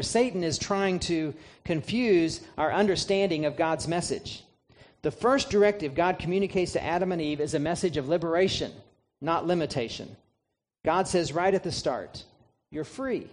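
A man with a somewhat high-pitched voice delivers a sermon. He preaches emphatically, posing rhetorical questions to the congregation and answering them himself. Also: darkish tone. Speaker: pastor.

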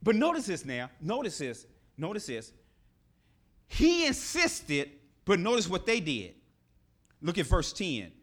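A middle-aged preacher, delivering a sermon to his congregation. His voice sits high for a man and swings widely in pitch, bright and forceful. He leans into repetition and acts out the scripture dialogue as he goes. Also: takes it slowly, pauses often. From Nashville, Tennessee. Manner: animated preaching, acts out scripture dialogue, repeats key phrases.

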